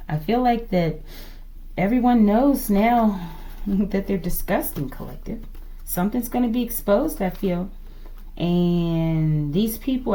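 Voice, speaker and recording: A woman's voice: medium pitch, dark tone, a little hiss or hum. A woman giving a casual tarot reading to her viewers, musing aloud, asking the cards to show her and often calling her audience "collective". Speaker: tarot reader.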